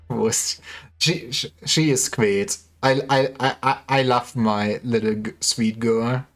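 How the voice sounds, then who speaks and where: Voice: mid-range voice, slow, soft background music. A streamer reading game dialogue aloud in dramatic voices on a livestream, breaking off for hesitant, offhand commentary. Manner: switches between dramatic character lines and offhand commentary. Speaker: streamer voicing a game story.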